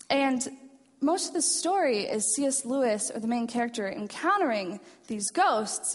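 A woman giving a chapel message to students, earnest and self-deprecating, retelling stories in a hall. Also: on the high side. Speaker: chapel speaker. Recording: reverberant hall.

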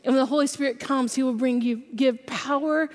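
Woman chapel speaker from South Georgia, lively storyteller, leans on slow emphatic phrases; live in an echoing hall. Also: high-pitched. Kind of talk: sermon.

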